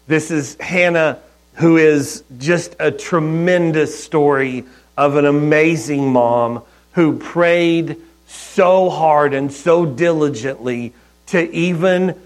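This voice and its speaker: A man preaching a sermon in a conversational, storytelling way, with soft asides. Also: fairly high pitch, takes it slowly, low-quality recording. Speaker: pastor.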